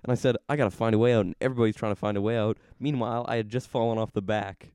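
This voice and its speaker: Young male co-host, low smooth voice, rambling self-amused storyteller. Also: fairly even intonation, racing, darkish tone, no room sound, clean studio sound. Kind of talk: casual chat.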